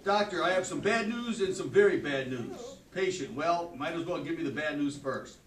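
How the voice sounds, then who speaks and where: A man with a fairly high voice reads jokes aloud to his students, his delivery dry and matter-of-fact. He is picked up from across an echoey classroom by a distant camera, with faint room noise under him. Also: expressive, normal speed. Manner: dry joke delivery, flares up scolding students. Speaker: teacher.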